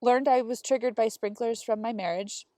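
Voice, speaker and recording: A woman's voice: a little high, moderate pace, dark tone, no echo, studio quality. A woman co-hosting a podcast, telling stories in casual chat and acting out quotes as she goes. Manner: storytelling with acted quotes and laughter. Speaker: podcast co-host.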